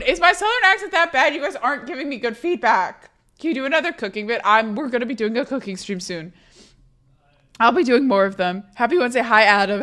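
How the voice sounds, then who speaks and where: Woman, live streamer, casual rambling chat, joking, swears a lot, slightly high pitch. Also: a bit bright.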